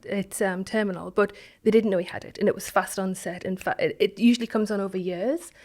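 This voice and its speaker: A woman speaks as an interview guest, her voice sitting at an ordinary middle pitch. She tells her story in a reflective, halting way, restarting phrases and letting them fade softly. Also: steady tone. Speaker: guest, founder of an online business community.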